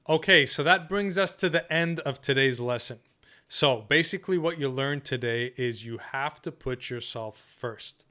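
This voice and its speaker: Firm, smooth-voiced man teaching a workshop. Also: medium pitch, moderate pace, bright, forceful tone. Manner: firm, assertive, repeats "okay?" and "right?". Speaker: dating coach. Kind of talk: workshop lesson.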